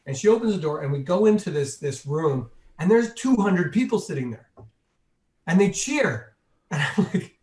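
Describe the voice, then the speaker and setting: Guy telling a story, kinda high voice, does all the voices, echoey room sound. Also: normal speed. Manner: animated, acts out the people in his story. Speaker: interview guest. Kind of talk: anecdotal storytelling. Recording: roomy echo.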